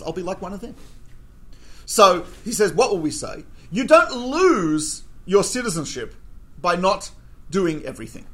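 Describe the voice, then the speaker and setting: A man teaching a class as a rabbi, telling stories with jokes and acting out the quoted exchanges. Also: high voice. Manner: animated, jokey, acts out quoted exchanges. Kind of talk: humorous storytelling lecture.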